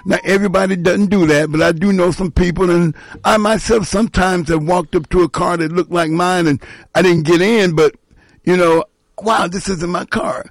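A man in his sixties reflects as a talk show guest, often stumbling over his opening words. His voice is a little higher than most men's, and it is recorded dry and close with no room sound. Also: normal speed, no echo. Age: 60s. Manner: reflective, with stammered restarts.

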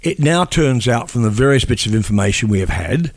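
An older man in mid-range pitch, talking calmly and thoughtfully. He trips over and repeats words as he recalls old stories, and the sound is dry and close. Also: brisk, no echo. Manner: reflective, repeats words while thinking. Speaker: veteran journalist and broadcaster. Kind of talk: casual chat.

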